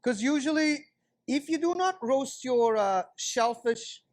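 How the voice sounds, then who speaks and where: A man's voice: extremely high pitch, animated, unhurried. A man working as a chef instructor, talking viewers through a cooking class demonstration in a kitchen and explaining each step as he cooks.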